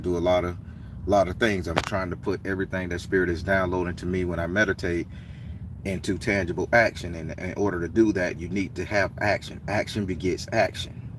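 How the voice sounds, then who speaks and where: A man casually telling a story to his viewers, his voice climbing high and heated as he acts out an argument. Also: recorded from a distance, noisy background. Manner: animated street-talking storyteller, rising excited and heated as he retells.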